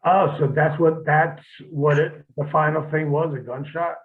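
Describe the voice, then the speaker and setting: A former wrestler on a podcast, talking in a blunt, profane, rambling way with many restarts. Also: male voice, fairly high pitch, fairly even intonation, a little slow. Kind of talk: casual podcast chat. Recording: tinny phone-like line.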